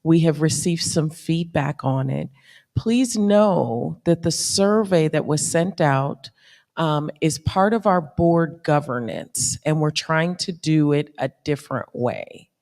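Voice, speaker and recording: A woman's voice: sits low, slow, darkish tone. A woman board president making informal announcements in a church. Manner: plain, informal, with fillers. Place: church sanctuary. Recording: long church reverb.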